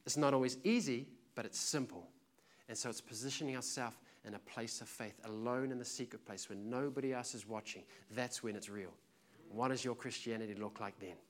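A man's voice: medium pitch, a little fast. Guy preaching a sermon, really fired up and emphatic, telling stories. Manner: passionate, emphatic, storytelling preacher.

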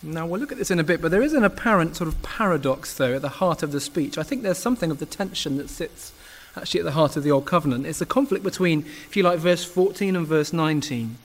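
Earnest preacher man, slightly higher voice. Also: animated, fast talker, few pauses. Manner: earnest, emphatic with occasional restarts. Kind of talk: sermon.

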